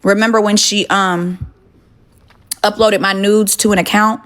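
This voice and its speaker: A woman's voice: mid-range voice, level tone, a little slow, a bit bright. A young woman on a phone livestream from her home kitchen, chatting casually and bluntly with viewers, swearing and arguing back at them. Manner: blunt, profane, argumentative.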